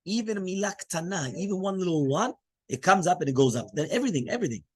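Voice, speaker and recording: Husky high-voiced rabbi teaching. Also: male voice, quick pace. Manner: animated teaching, mixing English with Hebrew terms. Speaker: rabbi teaching a Torah class. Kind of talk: lively Torah class.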